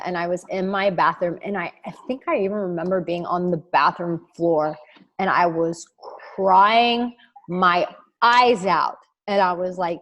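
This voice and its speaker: Candid woman host, lowish voice. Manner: candid, emphatic. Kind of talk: emotional conversation.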